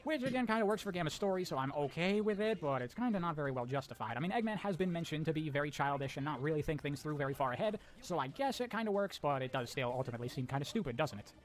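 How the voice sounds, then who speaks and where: A man briskly recapping a game's story with blunt, sarcastic commentary and casual swearing. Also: fairly high pitch, animated. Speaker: video essayist narrating a story recap.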